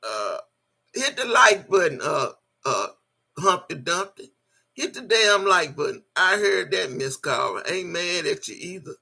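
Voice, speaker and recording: Gravelly, profane woman ranting on a live stream. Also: lowish voice, big pitch swings, measured pace, bright, forceful tone. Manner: profane, scolding, mocking, laughs often. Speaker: livestream host. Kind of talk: live-stream rant answering chat.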